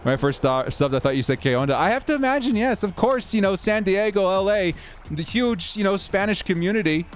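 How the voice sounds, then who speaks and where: Brisk and high-pitched with lively intonation, this man runs a live stream where he casually calls simulated football plays. Between plays he chats with viewers, and faint 1980s-style music can be heard behind him.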